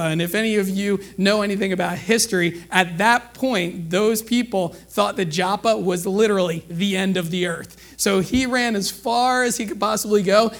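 A man preaching a sermon in a conversational way, acting out quick bits of dialogue and checking in with his listeners with "okay?". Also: high voice.

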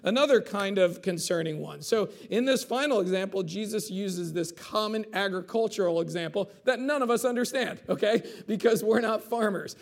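Gravelly-voiced man preaching casually. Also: sits high, normal speed, hardly any pauses. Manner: conversational preaching, acts out quotes with asides like "okay?". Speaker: pastor. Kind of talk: sermon.

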